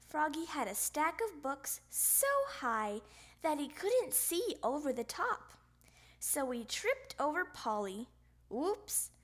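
A woman narrating a children's picture book aloud, with playful, expressive sound effects. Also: high-pitched. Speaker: storybook reader.

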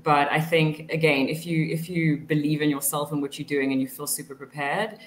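A woman, a guest on a panel, giving steady, encouraging advice. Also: low-pitched, moderate pace. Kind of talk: motivational panel talk. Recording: roomy echo, faint noise.

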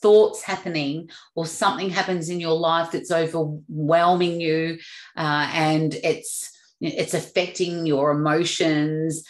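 A woman's voice: sits low, steady tone, takes it slowly, echoey room. A woman hosting a self-help podcast, talking in a casual, chatty way and laughing now and then. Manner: chatty, laughs at her own stories. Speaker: podcast host.

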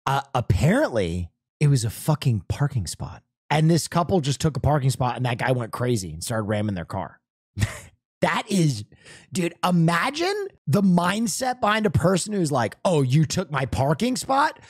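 A male streamer spins a casual, self-mocking story, dropping curses along the way. His pitch leaps up and down with animation. The close mic sounds dry, with no room around it. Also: very animated, moderate pace, slightly rough, no room sound.

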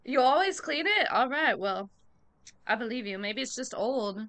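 Woman game streamer, bright and slightly high voice, slangy chatter to chat, hums idly between remarks. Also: expressive, moderate pace. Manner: slangy, talks straight to chat. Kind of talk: casual live-stream chat.

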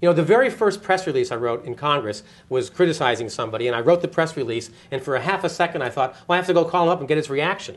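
An older man recalls his years in government in a brisk, lively rush. He tells anecdotes and slips into the voices of the people he quotes, his pitch sitting a little above the usual. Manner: animated storyteller, quick, acts out quoted voices with laughs. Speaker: interviewee, former communications director. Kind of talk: oral history interview. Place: office interview setting.

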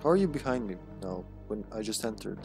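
A man's voice: fairly low pitch, expressive, fast, vocal fry, music in the background. A man giving joking, sarcastic commentary while playing a video game on a live stream. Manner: jokey, sarcastic, laughs often. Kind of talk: casual gameplay commentary.

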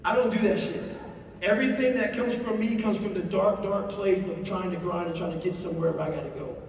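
A man with a high-set voice delivers blunt motivational stories full of swearing, pressing every point with intensity. He sounds distant from the microphone, and his words ring through a large, echoing hall with a faint hiss underneath. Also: fairly quick. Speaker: guest speaker. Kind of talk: profane motivational storytelling. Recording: echoey hall, distant mic, faint noise.

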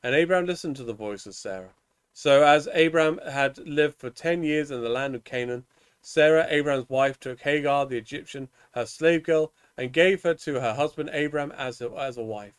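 A man leading evening prayer, reading psalms and scripture in a measured, solemn way, now and then tripping over a word. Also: a little high, clear, resonant tone.

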